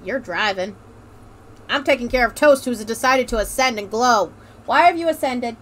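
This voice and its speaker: A woman's voice: on the high side, lively intonation, normal speed, a bit bright. A woman hosting a let's play, joking, swearing freely and laughing often as she comments on a game. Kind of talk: casual gaming commentary.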